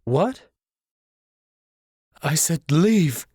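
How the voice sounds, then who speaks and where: A man's voice: a little high, big pitch swings, a little slow, darkish tone, husky, no echo, voice pushed up, heavily acted. A grieving middle-aged mother, tearful and cold, snapping out blame in a raised, strained voice, as a man reads her part. She stays accusing and distant. The audiobook reading is dry and close. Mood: hurt, bitter.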